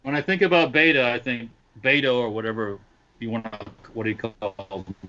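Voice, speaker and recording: Halting man on a dull call line. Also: medium pitch. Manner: halting, many fillers and restarts, animated. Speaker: podcast guest. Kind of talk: casual chat over a call. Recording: dull lo-fi video call audio.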